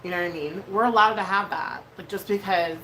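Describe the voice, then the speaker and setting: A woman's voice: mid-range voice, fairly quick, fairly bright tone, slight background noise, rough recording. A woman hosting a casual makeup livestream, chatty and freely swearing as she reads out viewer messages. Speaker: livestream host doing makeup.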